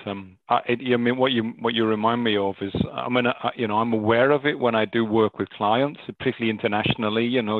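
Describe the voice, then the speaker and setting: A man's voice: fairly low pitch, creaky, no echo, narrow, tinny audio. A man with a Northern English accent talking reflectively as a coach, hesitant and full of restarts. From Northeast England. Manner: hesitant, many restarts and fillers. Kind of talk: reflective conversation.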